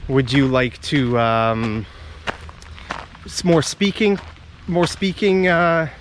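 A man with a slightly high voice and lively intonation speaks slowly, a little out of breath, as he records a casual walking vlog on a forest path for his English learners. This English teacher YouTuber chats and rambles in a friendly way toward his viewers, with background noise around him.

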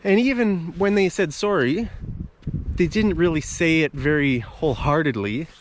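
A man with a fairly high voice hosts a casual English-teaching vlog, walking through a park with bushes and a bridge while explaining words. He speaks at normal speed, and there's a little hiss or hum.

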